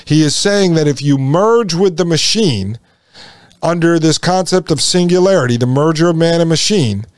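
A man's voice: a little high, no room sound, studio quality. A man hosting a political commentary podcast, emphatic and repetitive, often calling his listeners folks. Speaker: podcast host.

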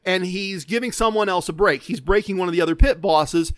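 A man's voice: high-pitched, a little fast, fairly bright tone, no echo. A man telling a casual gambling anecdote from bullet points, wry and self-deprecating, often restarting his sentences. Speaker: gambling storyteller.

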